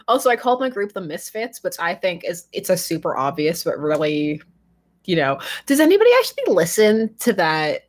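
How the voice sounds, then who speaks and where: A woman's voice: mid-range voice, sing-song, brisk. A woman hosting a casual live stream, chatty and rambling, laughing often as she answers viewers. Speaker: fandom channel host.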